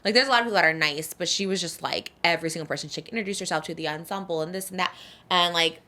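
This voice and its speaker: A woman hosting a podcast in casual chat, gushing and quick, with lots of "like" fillers. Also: lowish voice, pushed and bright. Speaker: podcast host.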